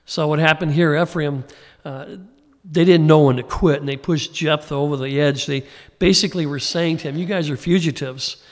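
A man with a fairly high voice delivers a relaxed, folksy Bible teaching as a pastor. His sermon rings out with a long reverb from a large hall. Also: moderate pace. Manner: folksy, informal, acts out quoted voices.

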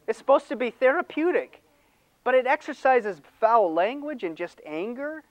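An older man preaching a sermon in an animated, conversational way, laughing and acting out mock voices. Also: very high voice, normal speed, no room sound, rough recording. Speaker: pastor.

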